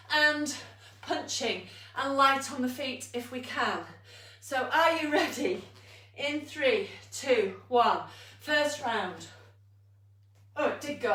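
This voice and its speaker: Woman fitness coach, high bright voice, slow and out of breath, roomy echo from a distance. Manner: upbeat coaching, counting down, laughing at herself. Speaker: fitness instructor. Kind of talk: live online exercise class.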